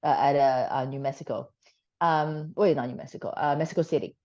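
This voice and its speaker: Woman guest, low voice, animated chatty storyteller who swears casually; dull lo-fi sound. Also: fairly quick.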